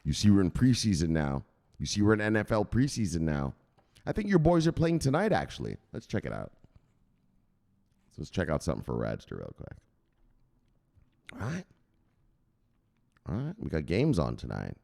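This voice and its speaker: A man hosting a crypto news vlog, brash and rowdy, swearing and shouting sound-effect words between headlines. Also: low voice, wildly swooping pitch, normal speed, vocal fry, pauses often, in a large hall. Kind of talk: casual hyped commentary.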